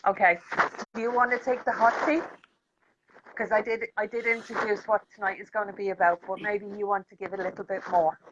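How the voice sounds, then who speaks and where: A woman's voice: mid-range voice, steady tone, fairly quick. Cheerful woman on dull call audio. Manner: encouraging, cheerful. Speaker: co-host coach. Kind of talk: live online masterclass talk. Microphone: video call. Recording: dull video call audio with faint noise.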